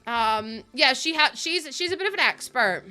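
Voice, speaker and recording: A woman's voice: sits high, lively intonation, moderate pace, pushed and bright, faint music behind. A woman with a Northern Irish accent, chatting casually to her viewers while building in a game, laughing often. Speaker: streamer.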